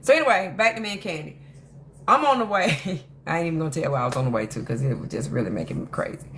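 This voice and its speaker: A woman with a lowish voice talks through drama in a casual commentary monologue. She tells her stories with animated emphasis and rambles, often stopping to restart a thought. A faint hum of noise sits under her voice. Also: quick pace. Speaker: host of a drama commentary channel.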